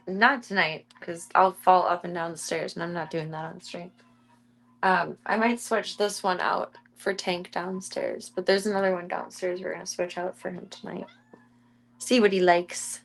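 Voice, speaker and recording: A young woman chatting on a live stream while she looks after her pet cats, now and then slipping into high baby talk with them. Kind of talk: casual live-stream chat.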